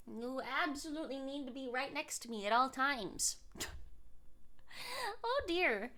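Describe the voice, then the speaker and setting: Bubbly giggly girl streamer, high voice, baby talk to her cats. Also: unhurried, bright, forceful tone. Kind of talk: casual live-stream chat.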